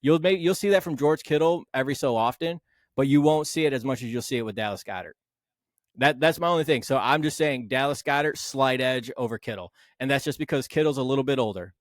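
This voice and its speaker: A man's voice: mid-range voice, fast, no room sound, studio quality. Argumentative man in a sports podcast. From Philadelphia Eagles fan. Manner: animated, argumentative, swears casually. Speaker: podcast co-host. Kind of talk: casual sports debate.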